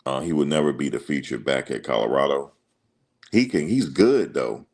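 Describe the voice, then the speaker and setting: A man's voice: very deep voice, animated, moderate pace, vocal fry, a little mellow, slightly rough. A man hosting a casual sports livestream, rambling through stories and slipping into quoted voices. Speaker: host.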